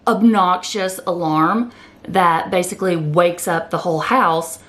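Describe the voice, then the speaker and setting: A woman's voice: fairly low pitch, measured pace, a bit bright. A woman talking candidly to her viewers in a personal vlog, repeating phrases for emphasis and sounding close to tears. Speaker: keto vlogger. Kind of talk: emotional personal chat to camera.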